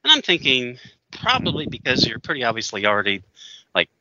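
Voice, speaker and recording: A man co-hosting a casual chat, telling an anecdote with lively acted-out quotes and frequent laughter. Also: mid-range voice, brisk, dull audio. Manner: animated, acts out quoted voices, laughs often. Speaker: podcast co-host.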